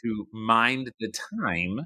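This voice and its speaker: A man on a podcast chiming in with lively, teasing remarks. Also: fairly low pitch, takes it slowly, dry recording, low-quality recording. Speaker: podcast guest. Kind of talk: casual chat.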